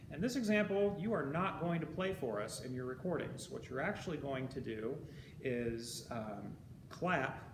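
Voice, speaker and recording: A patient male band teacher walks students through a rhythm exercise and counts the beats out loud as he goes. His voice rings around a reverberant room. A steady hum of background noise sits under him. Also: medium pitch. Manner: patient, explains step by step and counts beats aloud. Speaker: high school band teacher. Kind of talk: recorded music lesson.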